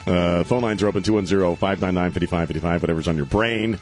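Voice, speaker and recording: A man's voice: low-pitched, fast, faint music behind. A middle-aged man hosting a talk radio show, rambling and joking in casual banter from a studio mic. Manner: rambling, jokey, animated, lots of laughs and filler. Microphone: studio microphone.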